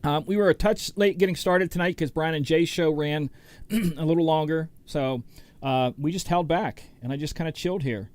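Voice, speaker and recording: A talkative middle-aged man hosts a casual DJ livestream and greets chat viewers one by one. His voice sits a little high for a man. The sound is dry and close to the mic. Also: moderate pace, a little mellow, no room sound. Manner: rambling, chatty, greets viewers by name. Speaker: DJ and show host.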